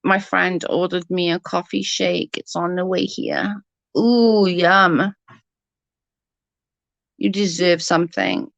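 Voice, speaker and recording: A woman's voice: on the low side, lively intonation, measured pace, creaky, dry recording, muffled recording. A middle-aged British woman chatting casually with viewers on a livestream, rambling as she answers comments.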